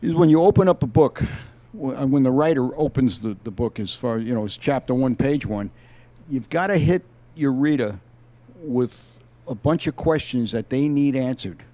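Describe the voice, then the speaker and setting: Mellow-voiced man explaining at ease. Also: mid-range voice, lively intonation, normal speed. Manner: easygoing, explanatory, with frequent restarts. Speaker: author and former police detective. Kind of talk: interview guest, reading aloud from his novel. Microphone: video call.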